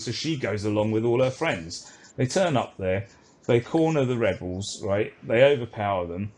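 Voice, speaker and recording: This podcast co-host goes over an episode in relaxed chat, bringing it to life by acting out what the characters said. His mid-range voice keeps a moderate pace.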